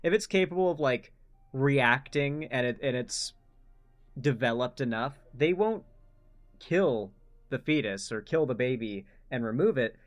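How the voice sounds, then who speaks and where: A man's voice: mid-range voice, animated, a little slow. A man hosting a casual reaction commentary, blunt and swearing, rambling with restarts. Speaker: commentary host.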